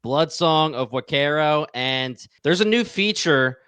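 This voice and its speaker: A man hosting a casual TV podcast, energetic and chatty, talking straight to his listeners. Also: fairly high pitch, takes it slowly, smooth, no room sound. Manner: energetic, promotional, talks to listeners directly. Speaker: podcast host.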